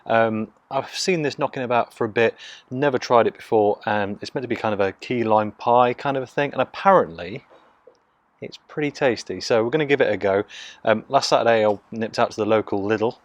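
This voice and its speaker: A man, from Nottingham, casually reviewing a beer in hushed, half-whispered tones, recorded on a phone mic out in his garden. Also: fairly low pitch, fairly quick, no room sound, muffled recording. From Nottingham, England. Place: outdoors in a home garden.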